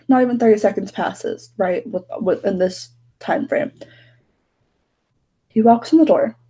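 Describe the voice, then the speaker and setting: A young woman with a light drawl talks through her makeup routine in a loose, rambling way, full of "um" and "you know". Her voice is mellow and soft, with a slightly breathy edge. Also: mid-range voice, poor audio. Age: young adult. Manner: chatty, rambling with many fillers. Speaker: beauty vlogger. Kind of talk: casual makeup chat. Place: bedroom at home.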